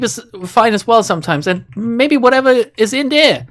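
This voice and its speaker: A woman streamer giving casual, playful commentary while playing a game, chatty and quick to swear at the characters. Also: a little high, lively intonation. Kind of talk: casual let's-play commentary.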